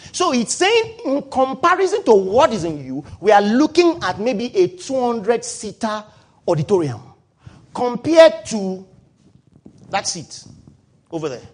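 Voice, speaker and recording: A middle-aged man preaching a sermon, swinging from loud exclaiming to quiet asides. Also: unhurried. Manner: animated, shifts from loud exclaiming to low asides. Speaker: pastor.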